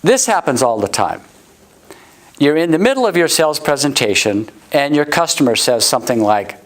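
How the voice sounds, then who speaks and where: Animated middle-aged sales trainer. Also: male voice, normal speed, rough recording. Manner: animated, acts out customer quotes in high voices. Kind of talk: motivational sales talk to a live audience. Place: warm indoor room.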